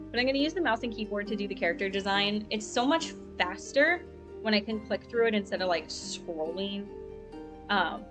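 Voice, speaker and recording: A young woman chatting casually while streaming a game, rambling and upbeat, on a lavalier mic at home. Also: medium pitch. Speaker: gaming streamer. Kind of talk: casual live-stream chat.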